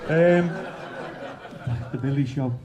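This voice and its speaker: A man's voice: a little high, slow, background noise. A man hosting a book event Q&A, asking rambling, hesitant questions with fillers. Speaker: event host. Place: bookshop event room.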